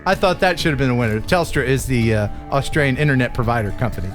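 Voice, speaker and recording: A man's voice: medium pitch, animated, quick pace, soft background music. An American man hosting a casual live stream, reading out viewer jokes and laughing often.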